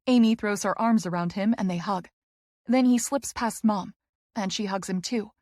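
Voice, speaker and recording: Female audiobook narrator, mid-pitch, emotional first-person read, dry close sound. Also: moderate pace, darkish tone, no echo.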